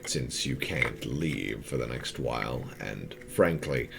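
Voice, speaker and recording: Blunt frontier commander, no patience, extremely deep register, voiced by a man. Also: lively intonation, takes it slowly, vocal fry, background noise, heavily acted. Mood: stern. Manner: blunt, no-nonsense. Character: stern male commander of a besieged town.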